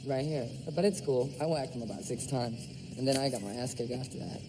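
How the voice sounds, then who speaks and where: Male band member, interview; brash, laughing storyteller, mid pitch, noisy background. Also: brisk. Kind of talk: documentary interview.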